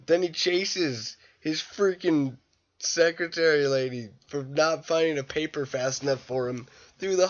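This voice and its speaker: A tired young man rambling through a casual, irreverent movie review late at night, breaking into loud bursts when quoting scenes. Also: on the high side. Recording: dull lo-fi home recording.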